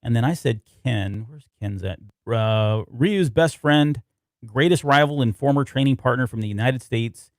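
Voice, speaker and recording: A man's voice: medium pitch, moderate pace, no echo. Man chatting casually, dry close sound. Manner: loose, rambling, reads notes aloud. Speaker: podcast co-host. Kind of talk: casual podcast chat.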